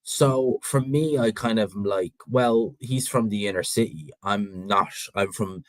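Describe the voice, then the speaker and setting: On a rough recording with no echo, a North Dublin man from Ireland speaks in a lowish, slightly slow voice. Hosting his boxing channel, he answers viewer questions casually and opinionatedly, rambling and restarting as he goes.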